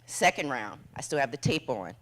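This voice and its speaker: A woman giving a motivational keynote speech on stage, telling a dramatic story in short punchy phrases and dropping to a hush at tense moments. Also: rumbling low, very animated, moderate pace. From United States. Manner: acts out quoted voices, drops to a hush for tense moments. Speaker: motivational speaker. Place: event stage before an audience.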